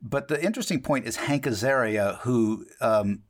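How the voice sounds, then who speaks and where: A man talking films on a podcast, steering the chat with pointed, teasing remarks. His voice sits at a middle pitch. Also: normal speed. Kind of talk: casual film podcast chat.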